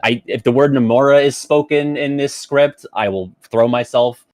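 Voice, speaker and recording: A man's voice: medium pitch, fairly even intonation, normal speed, darkish tone, no echo, clean studio sound. A man as a guest on a casual podcast, hedging his opinions with fillers and breaking into joking, exaggerated rants.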